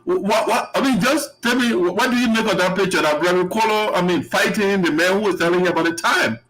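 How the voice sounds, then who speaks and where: Man, high voice, rambling host, laughs a lot. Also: fast, a bit bright, low-quality recording. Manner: rambling, laughs often, reads out viewer comments. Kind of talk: live online talk show.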